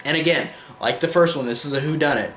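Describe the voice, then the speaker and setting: A man's voice: a little high, fast, fairly bright tone, echoey room, slight background noise. A young man reviewing films in a casual monologue, enthusiastic and rambling with lots of fillers. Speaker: film reviewer.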